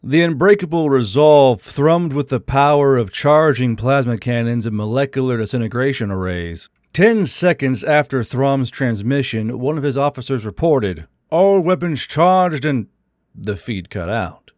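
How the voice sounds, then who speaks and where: A man narrating a science fiction story in a steady, scripted storytelling voice. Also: medium pitch, normal speed, few pauses, dry recording, studio quality.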